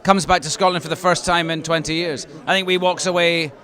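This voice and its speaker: A man, an actor, chats on a city red carpet in a wry, blunt way. He talks fast with a fairly high voice. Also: fairly even intonation, bright, forceful tone. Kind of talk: casual red carpet interview.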